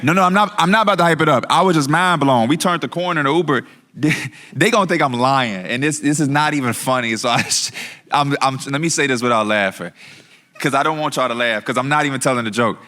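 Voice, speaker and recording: A man's voice: mid-range voice, quick pace, sharp tone. A man co-hosting a live podcast, telling a story in a slangy, laughing way. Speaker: podcast co-host.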